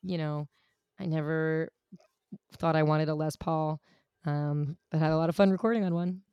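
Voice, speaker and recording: A woman guitarist chatting casually on a podcast, relaxed and rambling with many fillers, her voice tired from long sessions. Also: deep voice, normal speed, clear, resonant tone, dry recording, muffled recording. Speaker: guest guitarist. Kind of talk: casual chat.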